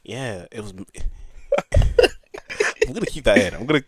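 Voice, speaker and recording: A young man speaks in a low voice recorded close and dry, with no room sound. He chats freely and makes blunt, joking remarks as he tells his stories. His delivery is relaxed and conversational. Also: takes it slowly, husky, no room sound. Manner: chatty storyteller, blunt and joking. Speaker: podcast co-host. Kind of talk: casual chat.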